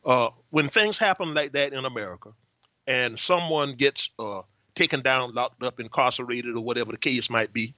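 An older male pastor talks earnestly, pausing often on uh as he makes his point. His voice is bright and forward. The recording is dry and dull. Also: mid-range voice, dry recording. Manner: earnest, with frequent uh fillers. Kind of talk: conversational talk show guest. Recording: dull lo-fi sound.

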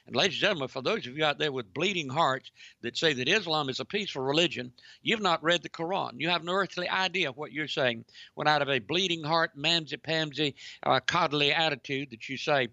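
Preachy commentator man with gravelly voice. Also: fairly high pitch, a little fast, no room sound, muffled recording. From United States. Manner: preachy, emphatic, repeats "ladies and gentlemen". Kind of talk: commentary reading news articles aloud.

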